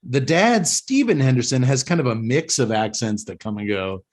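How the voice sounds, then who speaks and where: A man's voice: mid-range voice, animated, moderate pace. A man hosting a casual podcast chat, rambling and opinionated with frequent restarts. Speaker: podcast host.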